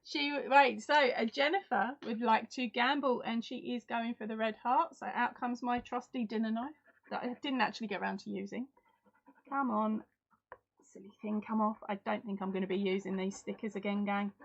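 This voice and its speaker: A woman's voice: on the high side, fairly even intonation, normal speed, vocal fry, highs cut off. A woman from Essex with an Essex accent, chatting casually with viewers by name during a live-stream giveaway, self-deprecating and friendly. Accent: Essex English. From Essex, England. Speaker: crochet channel host.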